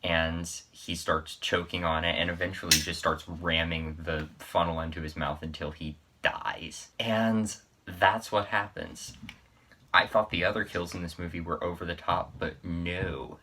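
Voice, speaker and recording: A man's voice: low-pitched, little pitch movement, normal speed, hardly any pauses, pushed and bright, slight background noise. A man casually recapping a gory death scene from a horror film, rambling and amused by the gore. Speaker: horror vlogger.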